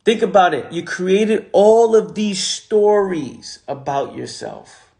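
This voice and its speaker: A man with a fairly high voice speaks into his phone on a livestream and gives a motivational talk. He hammers each point by repeating it, with a preachy, casual delivery full of street slang. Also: lively intonation, slow pace, a little mellow. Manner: repetitive, emphatic, preachy.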